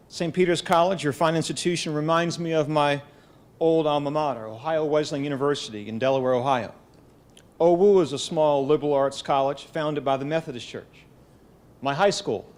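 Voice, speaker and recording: A middle-aged man giving a formal keynote speech at a college event, speaking in a measured storytelling way with touches of gentle humor, into a podium microphone. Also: a little high.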